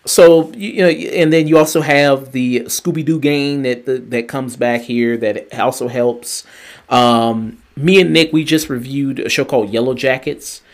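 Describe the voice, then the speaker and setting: Male podcast co-host, excitable rambler, casual swearing, mid-range voice. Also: medium pitch, measured pace. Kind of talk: casual chat review.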